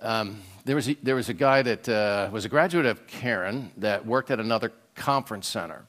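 An older man preaching a sermon in an animated storytelling way, often checking in with "right?". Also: on the low side, normal speed. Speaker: pastor.

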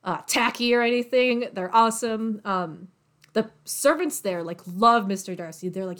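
A young woman in casual chat, retelling a novel's plot with lots of fillers and quick voiced asides for the characters. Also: mid-range voice, a bit bright. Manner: chatty, filler-heavy, acts out characters' lines.

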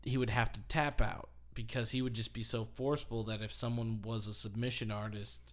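A podcast host with a fairly low, flat voice tells a rambling story at a brisk clip during a casual chat, laughing often and swearing freely.

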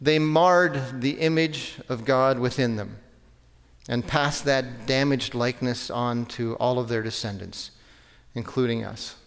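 A man's voice: mid-range voice, a little slow, creaky, smooth. A man preaching a sermon, conversational, with self-corrections and rhetorical questions. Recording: long hall reverb.

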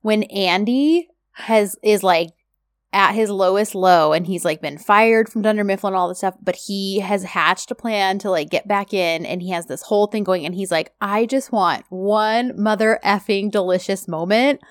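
A woman's voice: mid-range voice, moderate pace, no echo, clean studio sound. A woman co-hosting a casual podcast, talking through a TV episode with easy affirmations. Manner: relaxed, lots of affirming interjections. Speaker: podcast co-host. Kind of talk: casual chat recapping a TV drama.

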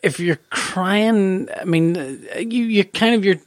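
A man chatting on a podcast, playful and prone to silly asides. His voice sits on the higher side and the sound is close and dry. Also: takes it slowly, no echo. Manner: jokey, breaks into silly voices. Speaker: podcast co-host. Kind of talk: casual chat.

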